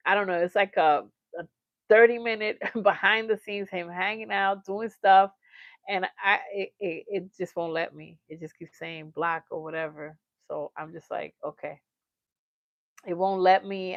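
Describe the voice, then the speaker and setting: A woman hosting a casual livestream, chatting with viewers and reading their comments, animated and laughing often as she acts out quotes. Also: medium pitch, no echo. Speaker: livestream reaction host. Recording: dull lo-fi sound, dry.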